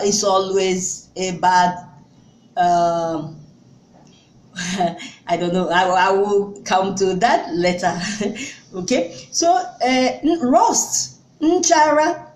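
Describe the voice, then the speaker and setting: A woman with a Nigerian accent, a native Igbo speaker, giving an informal spoken language lesson with many fillers and restarts, and repeating words slowly for learners. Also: medium pitch. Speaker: language tutor. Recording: echoey room.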